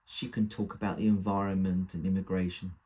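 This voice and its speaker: Man, husky voice, wry gossipy storytelling, comic monologue reading. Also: sits low, flat delivery, fairly quick, warm tone. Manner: wry, gossipy first-person telling. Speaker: reader.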